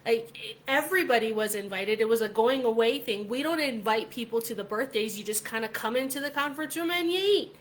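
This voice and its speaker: Chatty woman vlogger, fairly high voice. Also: brisk, few pauses. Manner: chatty, animated, many "like" fillers. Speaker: vlog host. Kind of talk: casual storytelling vlog.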